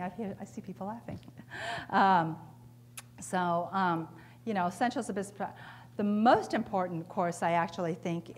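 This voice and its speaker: A woman's voice: medium pitch, a little hiss or hum. A woman giving a conference keynote, talking in a conversational way and putting questions to the audience. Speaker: keynote speaker. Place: conference hall.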